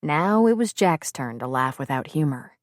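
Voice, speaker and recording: A woman's voice: low-pitched, animated, normal speed, dry recording, clean studio sound. A woman narrating an audiobook novel, reading two men's conversation with small shifts in tone. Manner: reads dialogue for two men with small shifts in tone. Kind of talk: scripted narration.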